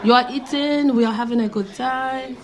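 A woman comedian voicing a smitten African man on a date who begs and gives blunt compliments in halting English, over a loud crowd. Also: high-pitched, very noisy, close to an everyday voice. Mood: fond. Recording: live club set with loud crowd.

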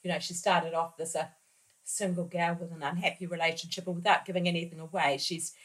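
Woman interviewer, measured questions. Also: fairly low pitch, little pitch movement, fairly bright tone, rough recording.

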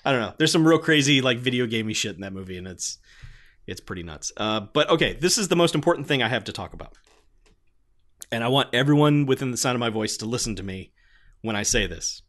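A man's voice: mid-range voice, lively intonation, fast talker, fairly bright tone. A man in a casual film review chat who talks animatedly, swears freely and acts out his own reactions.

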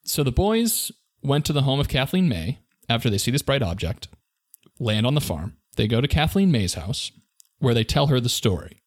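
A man's voice: medium pitch, big pitch swings, moderate pace, no echo, clean studio sound. Playful man telling a spooky story. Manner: playful, joking, laughs often. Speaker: podcast co-host. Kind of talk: casual storytelling chat.

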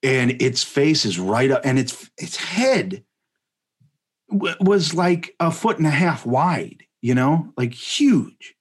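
Podcast guest: a man with a husky voice, mid-range pitch, animated and rambling, full of "like" and "you know". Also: takes it slowly. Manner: animated, rambling, laughs mid-sentence, many fillers. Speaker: podcast guest telling a story. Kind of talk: casual comedic storytelling.

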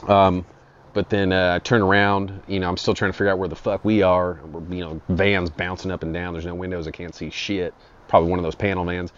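A man with a very low voice spins a rambling, foul-mouthed comic tale in an improvised monologue. The recording sounds dull and lo-fi. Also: little pitch movement, fairly quick. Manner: crude, profane, rambling. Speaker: storyteller. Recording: dull lo-fi audio.

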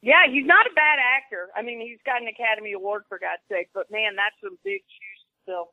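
A woman's voice: fairly high pitch, big pitch swings, brisk, no room sound. A woman phones in as a guest and chats in an easygoing, casual way, tossing in "man" and "dude." Her voice comes through a thin, tinny phone line. The line itself sounds dry. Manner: laid-back, says man and dude. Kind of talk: casual chat. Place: hotel room at a convention.

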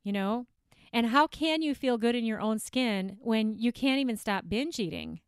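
A woman host talks straight to her listeners in a smooth, clear voice that sits a little high. She comes across chatty, emphatic and self-deprecating. The sound is close and dry, recorded in her home office studio. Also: big pitch swings, normal speed, no echo. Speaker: podcast host and eating coach. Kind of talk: solo podcast monologue.

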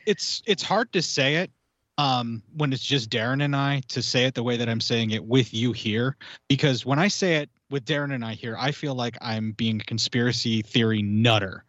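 A man's voice: mid-range voice, normal speed, a bit bright, no room sound, muffled recording. An American man in his forties, a podcast guest talking heatedly and swearing in casual chat. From United States. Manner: heated, swearing, rambling rants.

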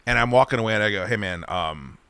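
A man's voice: on the low side, fast, noisy background. A man hosting a podcast, telling rambling, profane comic stories and acting out the voices of people in them. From Virginia. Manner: profane, rambling anecdotes with acted-out quotes. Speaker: podcast host. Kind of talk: casual comedic storytelling. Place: podcast studio.

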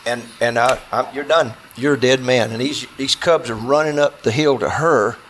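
A man's voice: medium pitch, a bit bright, slight background noise. A man telling a gripping personal story to people sitting with him, often stumbling and repeating words as he relives it. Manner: halting and intense, repeating words as he relives events. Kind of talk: personal storytelling to a small audience.

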